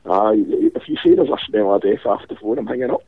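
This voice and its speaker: A man's voice: fairly low pitch, fast, vocal fry, slightly rough, dry recording. A man with a Glasgow accent calling in while ill with a cold, rambling and swearing his way through casual banter. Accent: Scottish, Glasgow. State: ill with a cold, rough-voiced. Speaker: caller. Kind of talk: casual chat. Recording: tinny phone line.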